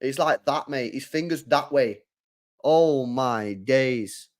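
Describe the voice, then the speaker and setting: Young man, football watchalong streamer, excitable, loud reactive outbursts. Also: mid-range voice, takes it slowly. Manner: excitable, shouting groans of disgust. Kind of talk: live football watchalong commentary.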